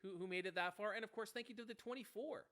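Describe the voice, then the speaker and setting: Man, co-host, casual livestream chat, bright forceful tone, gushing and rambling. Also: sits high, fast talker. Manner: effusive, rambling, with many restarts. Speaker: co-host of an online karaoke show.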